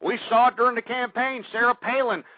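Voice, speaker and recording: A man's voice: very high-pitched, steady tone, brisk, no echo. A man with a Texan accent hosting a political talk radio show, ranting heatedly, swearing and repeating himself. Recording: dull lo-fi radio recording.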